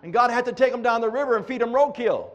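A middle-aged man preaching a sermon, acting out prayers in a raised pleading voice, then dropping low. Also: fast talker, lo-fi sound.

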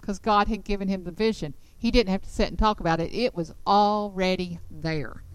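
A woman teaching the Bible to a group in an animated, emphatic storytelling manner. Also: mid-range voice, normal speed, smooth, dry recording, poor audio.

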